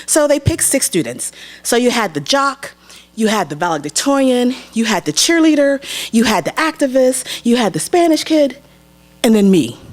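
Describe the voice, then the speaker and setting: A young woman from Pennsylvania tells a personal story live on a theater stage, animatedly acting out the voices of the people involved. Her voice is on the high side, and she speaks at normal speed.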